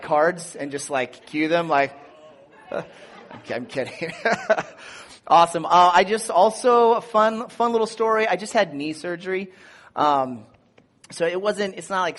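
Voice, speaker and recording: A man with a high, light voice preaches in a loose, conversational way. He is lively and animated, full of "like" and "you know", and he jumps into a higher shout whenever he acts out a scene. He sounds like a pastor telling a story to his congregation. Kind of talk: casual sermon with personal story.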